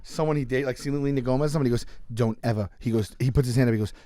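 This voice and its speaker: A man's voice: mid-range voice, fairly even intonation, racing, warm tone, dry recording, studio quality. Chatty male comedian guest. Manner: loose, rambling, quotes people in stories. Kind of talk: casual interview chat.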